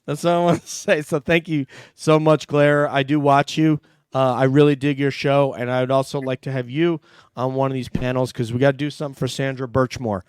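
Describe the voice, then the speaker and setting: A man's voice: mid-range voice, flat delivery, a little fast, smooth, no room sound, studio quality. A man hosting a casual livestream panel, reading out viewer donations in a chatty, joking way. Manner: chatty, jokey, thanks viewers warmly. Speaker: host reading super chats.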